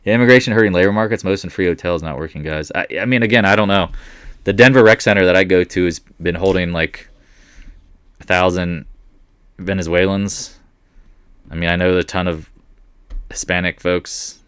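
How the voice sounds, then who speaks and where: A man hosting a live market commentary stream, chatting with viewers in a rambling way and breaking into excited outbursts when prices move. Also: sits low, normal speed, pauses often, clean tone, no echo. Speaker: market commentary livestream host.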